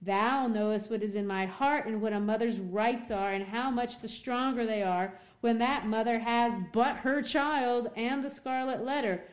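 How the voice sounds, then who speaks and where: A woman's voice: mid-range voice, a little slow, darkish tone, close to an everyday voice. A woman reading the part of a defiant young mother pleading to keep her child, in old-fashioned formal speech.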